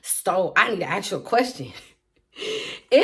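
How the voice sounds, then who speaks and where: A young woman telling a casual storytime to her viewers in an animated, playful way, laughing often and acting out what people said. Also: medium pitch, measured pace, breathy edge. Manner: animated, petty, laughs often, acts out quotes. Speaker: storytime vlogger.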